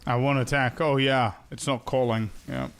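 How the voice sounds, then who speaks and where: Relaxed man streaming a game. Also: medium pitch, normal speed, vocal fry, clear, resonant tone. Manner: relaxed, thinking aloud while playing with teammates. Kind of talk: casual gameplay commentary.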